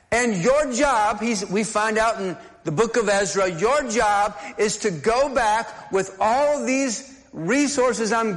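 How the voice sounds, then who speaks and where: A man's voice: sits high, in a large hall. A man preaching a sermon as pastor, talking conversationally and often restarting and repeating words.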